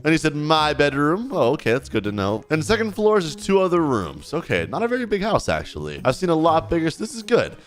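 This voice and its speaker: A young man giving casual commentary over a game, excited and animated, reading out what other players say. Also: on the high side, fast talker, few pauses. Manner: animated, hyped, reads out other players' chat. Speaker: gaming video host. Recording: light background music.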